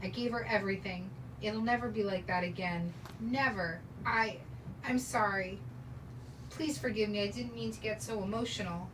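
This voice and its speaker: A woman reading the part of a gentle, heartbroken divorced father, earnest and apologetic, in a scene reading. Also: medium pitch, moderate pace, close to an everyday voice. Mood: emotional. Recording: distant mic, noisy background.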